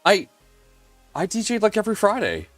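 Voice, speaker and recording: A man's voice: high voice, huge pitch swings, normal speed, no echo, faint music behind. A man hosting a casual livestream from his home workshop, earnest and emotional, often restarting his sentences. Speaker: livestream host and maker.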